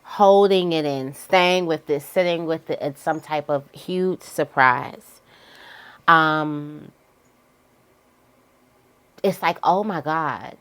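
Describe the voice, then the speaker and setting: A woman giving a casual, candid tarot reading, now and then jumping into high voices to quote people. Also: slow pace, pauses often, a bit bright, smooth. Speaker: tarot reader.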